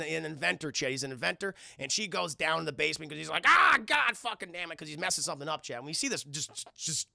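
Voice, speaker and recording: A man casually recapping a film to his live chat, rambling and swearing with animated asides. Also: a little high, vocal fry, no room sound, studio quality. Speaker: streamer film reviewer.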